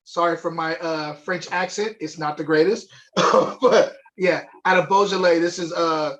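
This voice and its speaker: Enthusiastic male wine co-host, high voice, casual livestream chat. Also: steady tone, unhurried, a bit bright, dull audio. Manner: enthusiastic, chatty, with fillers. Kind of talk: live online wine tasting chat. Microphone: webcam or desk mic on a video stream.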